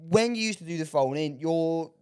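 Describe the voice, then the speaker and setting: A man's voice: a little high, animated, normal speed, darkish tone, clear, resonant tone. A man from the Liverpool area hosting a casual podcast, rambling and stammering through his questions. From Liverpool area, England. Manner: rambling, stammers and restarts, laughs often. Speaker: podcast host.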